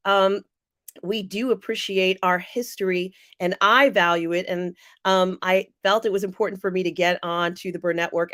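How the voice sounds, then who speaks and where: A woman hosting a live stream, reading viewer comments aloud and answering them in a chatty way with many pauses and fillers. She sounds teary and emotional. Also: fairly low pitch, dry recording, studio quality. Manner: warm, chatty, often pausing with fillers. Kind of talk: casual live-chat commentary.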